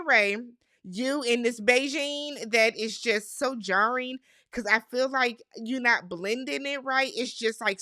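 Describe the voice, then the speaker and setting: A young woman from the States talks through a reality TV episode in a loose, chatty way, full of slang and quick impressions of the cast. Her voice sits a little high and sounds bright and forward. The sound is close and dry, with no room around it. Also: no room sound. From United States. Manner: chatty, animated, slangy, mimics cast members' lines. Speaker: recap vlogger. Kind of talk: casual TV recap commentary.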